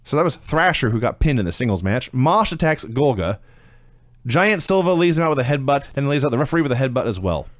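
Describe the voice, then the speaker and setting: Podcast cohost guy walking through old wrestling shows, deadpan jokes, dry close sound. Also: medium pitch, fast talker, dry recording. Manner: matter-of-fact recapper, dry humor. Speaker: podcast co-host. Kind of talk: casual chat recapping wrestling.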